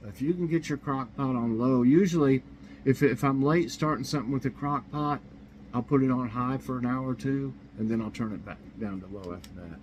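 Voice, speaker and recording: A man's voice: medium pitch, a little fast, darkish tone, rough recording. Man, chatty morning host, rambles and chuckles, kitchen with a faint hum behind. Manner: rambling, chuckles at his own jokes. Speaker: host of a morning chat show. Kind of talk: casual chat. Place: home kitchen.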